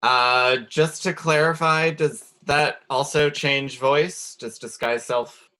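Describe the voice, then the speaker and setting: A man playing in a tabletop game, describing what his adventurer does while he thinks aloud and halts often. He talks slowly, and his tone is bright and forceful. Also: medium pitch, steady tone. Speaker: player. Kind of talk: casual tabletop play.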